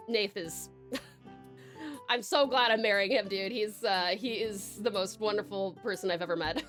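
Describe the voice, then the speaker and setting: A woman's voice: medium pitch, fairly bright tone. A young Australian woman chatting casually on a live stream, bubbly and giggly, rambling with lots of fillers.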